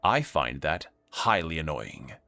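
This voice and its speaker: A man's voice: a bass voice, sing-song, slow pace, gravelly, bright, forceful tone, faint music behind, exaggerated voice. A man voicing a smug, scheming male city lord who speaks in a clipped, haughty, condescending way.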